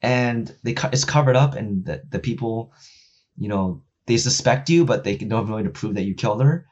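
Rambling man with a husky voice. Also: medium pitch, a little fast, dull audio. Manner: rambling, profane, many fillers, acts out characters' lines; gets loud and excited when making a point. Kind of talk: casual chat.

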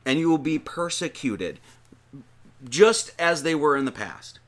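A man's voice: a little high, big pitch swings, measured pace. A man giving an informal sermon, reading scripture aloud and commenting on it in a conversational way, with frequent restarts and emphatic lists. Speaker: preacher.

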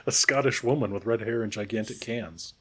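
A man's voice: lowish voice, fairly quick, heavy background noise. A man co-hosting a casual podcast, hesitant with lots of fillers. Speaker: podcast co-host. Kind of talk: casual chat.

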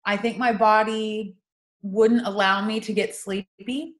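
A woman's voice: mid-range voice, a little slow, echoey room. A woman telling a personal story in casual chat, laughing and acting out what people said. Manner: animated, laughing storytelling with voiced quotes.

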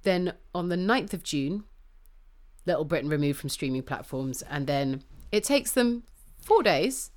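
A woman's voice: low-pitched, a little slow. A woman co-hosting a podcast, talking heatedly and swearing freely as she makes her points. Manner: swears freely, passionate and animated. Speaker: podcast co-host. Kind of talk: heated casual conversation.

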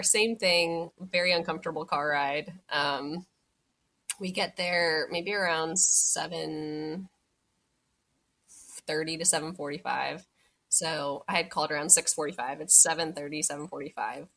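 A woman's voice: low voice, a bit bright. A young woman telling her birth story as a podcast guest, chatty and full of "like," acting out what she said back then. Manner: chatty, many "like" fillers, acts out her own past words. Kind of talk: casual storytelling.

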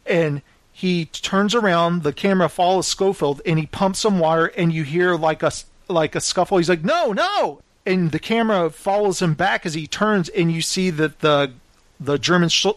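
A man's voice: fairly high pitch, normal speed, dry recording. A man in a casual film discussion, eagerly retelling scenes and acting out the characters' lines. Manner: animated retelling, acts out quoted lines. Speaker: film podcast co-host.

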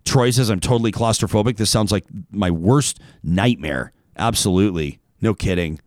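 A man's voice: on the low side, normal speed, few pauses, darkish tone, dry recording, studio quality. A man hosting a talk radio show, chatting casually, reading listener messages and sponsor spots, often restarting his sentences. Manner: conversational, frequent restarts and filler words. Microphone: studio microphone.

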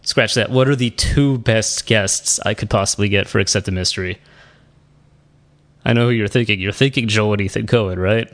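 A man's voice: on the low side, moderate pace. A man hosting a podcast, talking casually and poking fun at himself, often trailing off and restarting. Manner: chatty, self-deprecating, trails off and restarts. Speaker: podcast host. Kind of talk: casual podcast chat and solo wrap-up.

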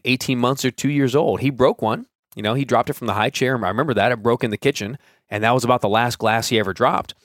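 A man's voice: medium pitch, no room sound, clean studio sound. A man in his thirties hosting a solo podcast, talking casually and thinking aloud with fillers and restarts. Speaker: podcast host.

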